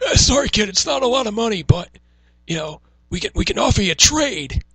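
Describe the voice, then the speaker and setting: A man doing a raspy impression of a slimy, patronizing male radio ad salesman who calls people kid. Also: sits high, sing-song, brisk, sharp tone, no echo, voice pushed up, heavily acted. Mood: sleazy.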